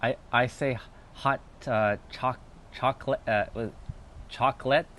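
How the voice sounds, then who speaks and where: A man's voice: medium pitch, steady tone, unhurried, fairly bright tone, a little hiss or hum. A man hosting a casual livestream, chatting loosely with viewers, joking and swearing as he reads the chat aloud. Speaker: livestream host.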